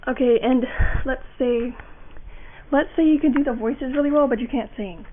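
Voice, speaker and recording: High-pitched and at a moderate pace, a young woman walks through a casual voice acting lesson, stumbling into fillers and restarts. Her tinny home mic adds a little hiss or hum.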